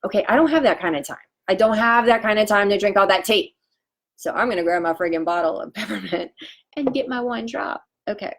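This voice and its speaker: Chatty, excitable woman on a live stream. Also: mid-range voice, fairly quick. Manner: chatty and excitable, with fillers and self-corrections. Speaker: essential oils seller. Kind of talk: casual live-stream chat.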